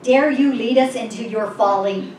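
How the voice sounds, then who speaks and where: A woman voicing a crowd of frightened cave dwellers who shriek and shout in panic, recorded from a distance in an echoing room with background noise. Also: fairly high pitch, moderate pace, lightly acted. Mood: hostile.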